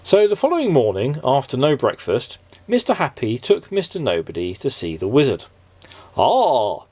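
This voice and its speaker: A man, a father, reading a children's storybook aloud in a gentle, expressive way. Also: medium pitch, brisk, breathy edge.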